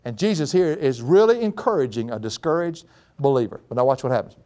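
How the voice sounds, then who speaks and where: Lively preacher man. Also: fast. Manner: animated, folksy, climbs to high excited peaks. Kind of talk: sermon.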